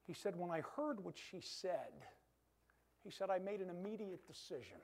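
High-voiced preacher telling a story. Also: male voice. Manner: animated retelling with quoted dialogue. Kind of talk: sermon storytelling.

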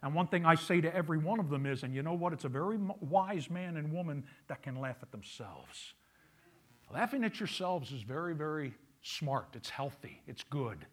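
A man's voice: fairly high pitch, expressive, moderate pace. A male pastor preaching a sermon, emphatic, repeating key phrases and asking the congregation questions.

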